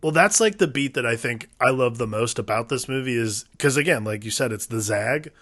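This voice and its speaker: A man's voice: medium pitch, expressive, fairly bright tone, no room sound, studio quality. A man co-hosting a film podcast, chatting casually and rambling with lots of "like" as he works his way toward each point. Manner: rambling, many "like" fillers, quick agreeing replies. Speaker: podcast co-host.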